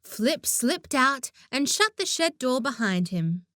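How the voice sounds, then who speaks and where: A woman narrating a children's audiobook in an expressive storytelling manner, close to the mic. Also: high-pitched, takes it slowly, no echo.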